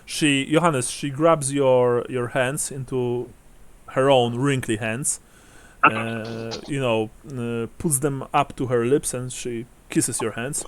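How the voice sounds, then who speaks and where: A man narrating as game master of a tabletop game, halting with many fillers and occasional chuckles. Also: mid-range voice, steady tone, a bit bright.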